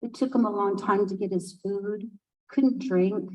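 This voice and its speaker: A woman telling a traditional folk tale aloud at a conference, unhurried and expressive, with asides to listeners. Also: mid-range voice, distant mic, lo-fi sound. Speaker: storyteller speaking at a conference. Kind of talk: oral storytelling of a folk tale.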